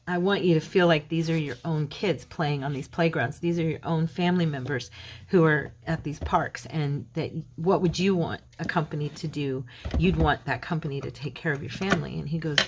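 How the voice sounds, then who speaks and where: A woman hosting a craft channel, telling a long story casually while she works, acting out the quoted lines in a brighter, higher voice. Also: a little hiss or hum. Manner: chatty retelling, acting out quoted dialogue in a lifted voice; loose, rambling, with fillers and restarts. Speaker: mixed-media craft channel host.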